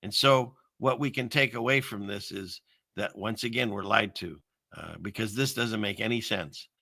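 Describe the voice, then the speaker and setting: A man hosting a casual livestream, rambling and chuckling through viewer comments with lots of filler words and trailing pauses. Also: lowish voice, vocal fry, sharp tone, no room sound, clean studio sound. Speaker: livestream host reading viewer chat. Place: home setup in the Seattle area.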